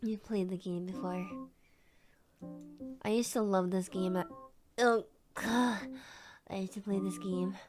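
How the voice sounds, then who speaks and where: A woman's voice: medium pitch, steady tone, a little slow, pauses often, music in the background. A woman streamer chatting casually while hiccuping, breaking off with gasps, yelps and flustered giggles. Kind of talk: casual live-stream chat.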